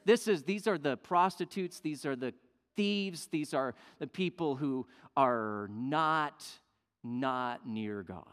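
A male pastor preaching a sermon, emphatic, swinging between loud declarations and hushed asides. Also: high-pitched. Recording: long reverb of a large hall.

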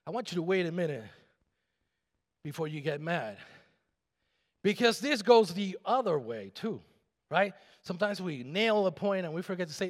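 A middle-aged man pastor preaching a sermon, swinging from loud shouted declarations to quiet asides and calling on the congregation to answer back. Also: sits high, lively intonation, normal speed, long pauses. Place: large church sanctuary. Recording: long hall reverb in a church.

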